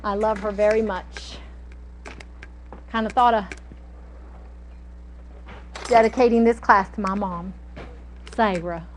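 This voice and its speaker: A woman's voice: medium pitch, steady tone, slow pace, long pauses, a little hiss or hum, poor audio. A middle-aged woman, chatting and telling stories while teaching a cooking class. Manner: chatty, storytelling, folksy. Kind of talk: casual cooking demonstration.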